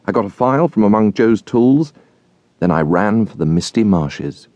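A man narrating a classic novel as an audiobook, in an expressive storytelling manner. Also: lowish voice, moderate pace, dry recording, highs cut off.

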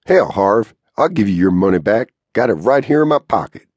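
A man with a deep, husky voice playing an easygoing cowboy who wisecracks in a laid-back drawl in a western audiobook. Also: lively intonation, moderate pace, a little mellow, dry recording. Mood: wry.

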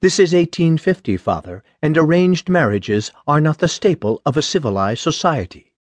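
A man voicing a shy, nervous sixteen-year-old girl who speaks softly. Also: a little high, sing-song, normal speed, dry recording, pitched above the performer's own voice. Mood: pleading. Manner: soft and pleading.

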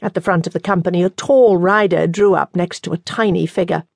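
A woman narrating an audiobook in a measured, even storytelling manner. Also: fairly low pitch, vocal fry, no room sound. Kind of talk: scripted narration.

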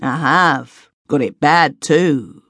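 A woman's voice: low voice, takes it slowly, a bit bright, no room sound, studio quality, full character voice. A woman narrator voicing Fred Henry, a young man who presses his sister with persistent, exasperated questions. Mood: gruff. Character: exasperated young man, pushy elder brother.

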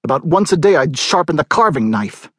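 Man doing bitter wife w/ dry sarcastic humor, husky storybook voice. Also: on the high side, very animated, fairly quick, fairly bright tone, dry recording, heavily acted. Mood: wry. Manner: wry, indignant storytelling. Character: bitter, wry betrayed wife, middle-aged woman.

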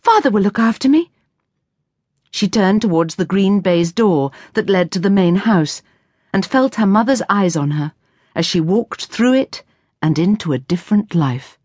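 A woman narrating an audiobook in clear, expressive storytelling. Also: fairly low pitch, normal speed, dry recording. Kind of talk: scripted narration. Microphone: close studio mic.

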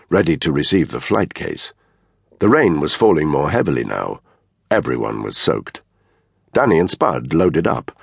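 A man reading a thriller audiobook in measured scripted narration. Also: rumbling low, vocal fry, husky, dry recording. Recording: dry close studio mic.

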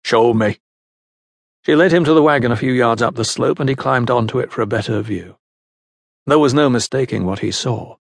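Man, audiobook narrator, gravelly voice, dry close sound, measured storytelling. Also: medium pitch, dry recording. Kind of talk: scripted narration.

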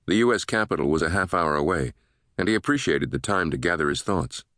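A man narrating a thriller audiobook in a steady, measured way. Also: deep voice, no room sound, clean studio sound.

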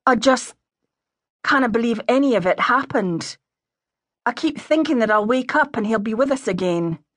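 A woman voicing a grieving young man who talks in a low, bitter, brooding way. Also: lively intonation, moderate pace, no room sound.

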